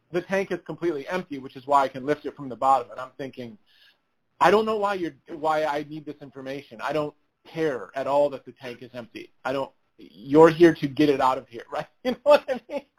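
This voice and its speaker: A man's voice: fairly high pitch, brisk, rough recording. A man co-hosting a podcast, telling a funny story in casual chat, acting out the other people's lines and laughing as he goes. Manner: animated storyteller, laughs while telling, acts out quotes. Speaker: podcast co-host.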